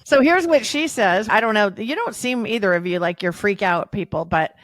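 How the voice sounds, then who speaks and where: A woman's voice: mid-range voice, animated, normal speed, fairly bright tone, no echo. A woman hosting a podcast, leading a thoughtful casual discussion. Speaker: podcast host. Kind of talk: casual chat.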